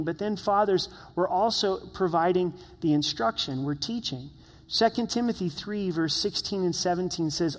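A man's voice: a little high, big-room sound. A man preaching a sermon as pastor, earnest and conversational, asking the listeners questions.

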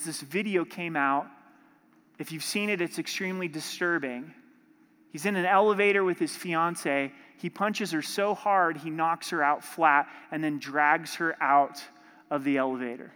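A man preaching a sermon as pastor, impassioned and building to forceful emphasis. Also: on the high side, clean tone. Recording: long hall reverb.

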